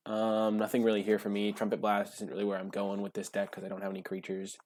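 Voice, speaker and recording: A man giving casual gameplay commentary while drafting cards, gushing and breaking into high excited shouts. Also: fast, a little hiss or hum. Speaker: card game drafting streamer.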